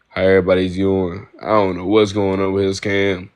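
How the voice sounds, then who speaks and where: A man's voice: low voice, flat delivery, brisk, hardly any pauses, smooth. A young man from Ohio chatting casually with viewers on a live stream, laid-back slang, repeating himself, on a phone mic. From Ohio, United States.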